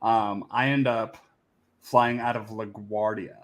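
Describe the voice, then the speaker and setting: A man co-hosting a podcast who tells his story hesitantly, with many pauses and ums. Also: on the low side, steady tone, a crowd in the background. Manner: hesitant, with frequent ums and restarts. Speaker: podcast co-host. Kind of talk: casual chat.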